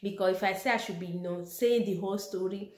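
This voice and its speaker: A woman's voice: mid-range voice, quick pace. Young female vlogger, chatty and laughing, recorded in an echoey room. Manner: chatty, laughs often while telling. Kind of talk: casual personal storytelling.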